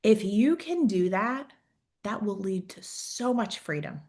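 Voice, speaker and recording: Woman career coach talking to a group, warm-up conversational delivery, reflective questions, medium pitch. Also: very animated, measured pace. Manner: conversational, peppers sentences with "right?"; encouraging, posing reflective questions. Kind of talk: coaching talk to an audience.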